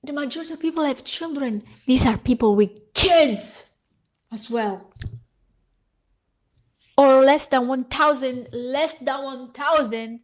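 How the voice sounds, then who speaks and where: High-pitched woman ranting angrily. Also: takes it slowly, long pauses. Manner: heated, profane, ranting while reading aloud. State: hoarse. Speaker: vlogger. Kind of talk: angry reaction rant.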